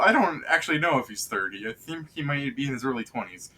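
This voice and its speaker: A man's voice: mid-range voice, sing-song, fast talker, hardly any pauses, sharp tone. A man narrating as game master in a tabletop game, joking and laughing often.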